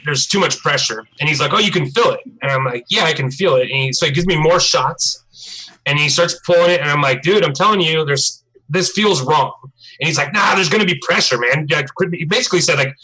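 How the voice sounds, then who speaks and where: A bright-voiced young man speaking a little higher than most men, chatting on a live stream. He tells his story in a loose, profane, animated way. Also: rough recording. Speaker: livestream co-host. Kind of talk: casual live-stream chat.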